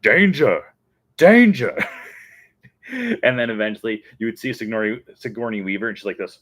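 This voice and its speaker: A male host chatting casually and with enthusiasm, laughing now and then. His voice sits low. The recording is dry and close with no room sound. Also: fairly even intonation, rapid-fire, fairly bright tone, no room sound. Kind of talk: casual chat.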